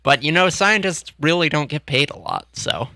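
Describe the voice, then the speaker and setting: A man's voice: a little high, sing-song, vocal fry, sharp tone, dry recording, clean studio sound. A man co-hosting a radio show, joking wryly and laughing along. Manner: wry, joking, quick to laugh. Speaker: radio co-host. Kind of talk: casual radio chat.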